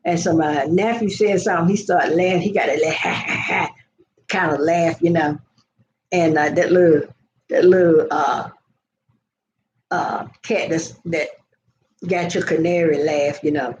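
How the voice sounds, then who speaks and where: A woman's voice: low-pitched, steady tone, a little slow, darkish tone. An older woman hosting a casual vlog, telling a meandering story and talking straight to her live viewers. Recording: dull lo-fi sound with faint noise.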